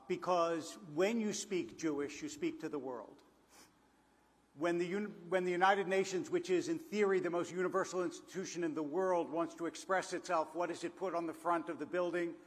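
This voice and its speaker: A man from Philadelphia giving a storytelling speech to an audience, with quotes and humor. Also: fairly high pitch. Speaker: panel speaker. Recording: hall reverb.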